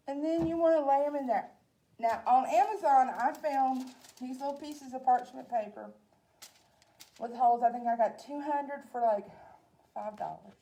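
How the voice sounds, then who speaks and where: A woman's voice: high voice, normal speed, dark tone. A woman in her forties with a Southern US accent, hosting a casual cooking demonstration in a chatty, folksy way. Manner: chatty, folksy, addresses viewers as y'all. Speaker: library program host.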